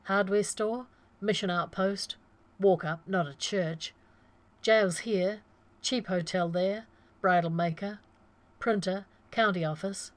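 A woman reading a deadpan, sarcastic gunslinger. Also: medium pitch, takes it slowly, no echo, lightly acted. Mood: sardonic.

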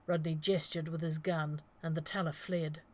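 Woman with a lowish voice reading a story. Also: level tone, normal speed, darkish tone. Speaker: narrator.

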